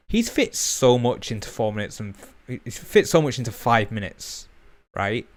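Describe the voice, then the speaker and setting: A young man with a Bolton accent from northern England, chatting casually and rambling quickly, with fillers and swearing. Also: mid-range voice. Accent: Bolton, northern English. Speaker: YouTuber. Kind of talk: casual chat to camera.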